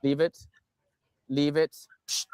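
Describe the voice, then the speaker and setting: Man, dog trainer, calm instructive tone, short commands, dry sound. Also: a little high, slow, smooth, dry recording.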